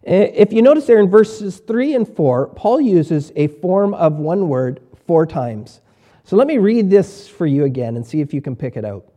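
A man preaching a sermon as pastor, emphatic, repeating key words and swinging between quiet and loud. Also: high voice, very animated, normal speed.

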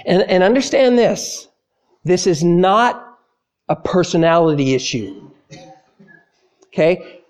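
A man with a high, light voice preaching a sermon. He is an animated storyteller who acts out panicked voices, then slows and softens on the phrases he wants to stress.

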